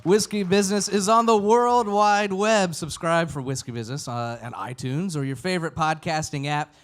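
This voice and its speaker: A man's voice: on the high side, normal speed, some chatter behind. A male comedian heckling and teasing the host on a live stage. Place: live stage before an audience.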